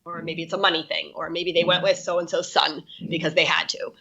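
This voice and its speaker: Low-voiced woman, dull lo-fi audio. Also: little pitch movement, brisk, gravelly, sharp tone, husky. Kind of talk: casual podcast chat.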